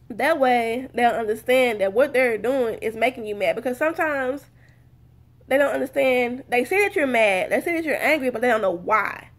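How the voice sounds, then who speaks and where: A woman with a slightly high voice talks straight to her viewers, earnest and a little repetitive. She speaks in a loose, casual way and keeps calling them "you guys.". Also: moderate pace. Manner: acts out heated and calm exchanges. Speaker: vlogger giving advice. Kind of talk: casual talk to camera.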